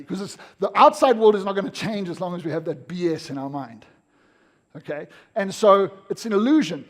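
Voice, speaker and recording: A South African man giving an energetic, emphatic seminar talk to a live audience in an event room. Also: sits high, a little fast. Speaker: motivational speaker.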